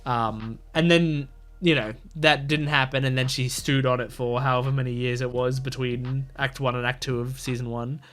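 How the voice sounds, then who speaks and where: A man's voice: medium pitch, level tone, normal speed, a bit bright. A man hosting a reaction video, talking through his thoughts casually with lots of fillers and restarts. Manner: rambling, filler-heavy, thinking aloud.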